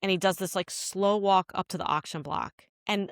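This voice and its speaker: A woman's voice: mid-range voice, measured pace, smooth, no echo, clean studio sound. Chatty woman recapping a scene. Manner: rambling retelling full of "like" fillers. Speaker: podcast co-host. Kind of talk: casual podcast chat.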